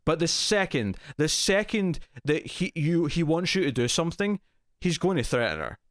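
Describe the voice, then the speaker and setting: A man co-hosting a casual TV review podcast, jokey and quick to laugh. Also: fairly high pitch, very animated, no room sound, studio quality. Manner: laughs often, jokey, self-mocking. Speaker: podcast co-host.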